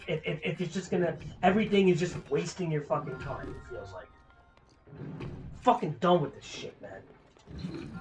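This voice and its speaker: A young man streaming a game, ranting with lots of swearing in frustration. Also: high voice. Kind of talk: casual gameplay commentary.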